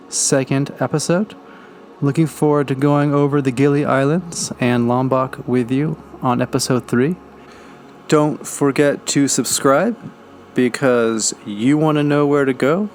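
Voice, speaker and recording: A man narrating a travel vlog in a relaxed, friendly way, speaking straight to viewers. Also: medium pitch, slight background noise.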